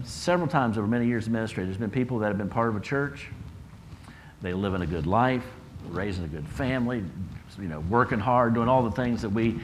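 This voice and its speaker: A man's voice: mid-range voice, slight background noise. A man preaching a sermon as pastor in a church, earnest, often restarting and rising for emphasis. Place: church sanctuary.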